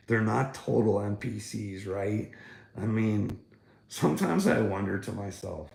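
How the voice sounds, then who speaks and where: A man's voice: on the low side, a little slow, vocal fry, a little mellow, reverberant. A man chatting casually on a livestream, mocking and swearing at viewers and laughing often. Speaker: livestreamer talking to chat.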